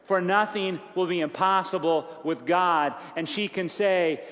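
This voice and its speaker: A man preaching a sermon as pastor in a church, earnest, with a repeating cadence and phrases that soften and fall away. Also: high-pitched, a little slow. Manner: earnest, repetitive cadence with soft dropped phrases. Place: large church sanctuary. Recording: long church reverb.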